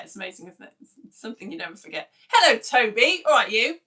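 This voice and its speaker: During a live-streamed lesson, a forties-aged science teacher chats warmly with viewers, calling out each commenter by name. She talks fast in a mid-range voice.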